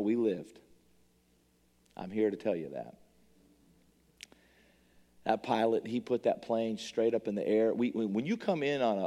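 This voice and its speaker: A middle-aged man preaching a testimony sermon, an animated storyteller who stammers and repeats words. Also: lowish voice. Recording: long reverb of a large hall.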